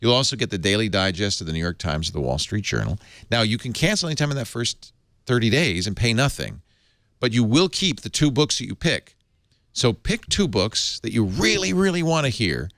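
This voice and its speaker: Male show host, deep and lively voice, close dry mic, loose enthusiastic ad read. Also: fairly quick, dry recording. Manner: enthusiastic, chatty, rambling. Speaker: podcast host. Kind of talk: live ad read on a tech talk show.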